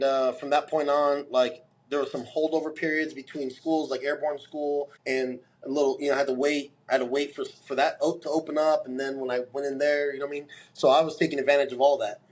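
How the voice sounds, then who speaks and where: A man's voice: fairly high pitch, fairly quick, few pauses. A man in his forties as a podcast guest, telling a long story and acting out the voices of the people in it. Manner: animated storyteller, acts out quoted dialogue.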